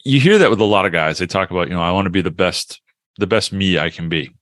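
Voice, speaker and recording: Low-voiced, casual podcast host, dry sound. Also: male voice, expressive, quick pace, a bit bright, no room sound. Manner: casual, probing, thinks aloud. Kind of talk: interview questions.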